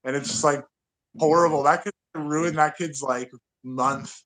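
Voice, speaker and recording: A man's voice: on the high side, steady tone, measured pace, a bit bright, low-quality recording. A man in his twenties co-hosting a podcast, rambling through stories with lots of "like" and a joking edge. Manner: rambling, lots of likes, jokey. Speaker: podcast co-host. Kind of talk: casual chat.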